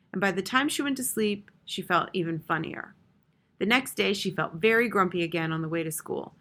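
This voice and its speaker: A woman reading a children's novel aloud with expressive, measured narration. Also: fairly low pitch. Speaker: audiobook reader. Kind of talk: storybook narration.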